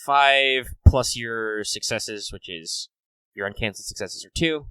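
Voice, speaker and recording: Male game master, bright voice, halting rules explanations full of ums, dry close mic. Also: mid-range voice, smooth, no echo, rough recording. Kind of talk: running a tabletop game.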